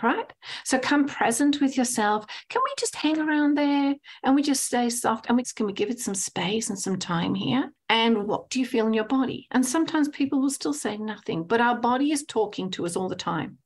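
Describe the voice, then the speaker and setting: A woman counsellor speaks in a relaxed interview, and her voice sits a little higher than most. She explains things animatedly and acts out small scenes. She often checks in with a quick "right?". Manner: frequent tag "right?". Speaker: counsellor and hypnotherapist guest. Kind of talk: conversational interview.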